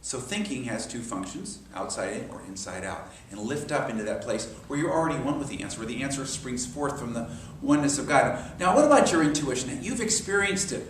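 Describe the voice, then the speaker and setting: A man's voice: mid-range voice, fairly quick, hardly any pauses, recorded from a distance, a little hiss or hum. Man teaching in an echoey church hall. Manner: animated storyteller, acts out quoted voices. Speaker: minister. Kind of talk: sermon-style class talk.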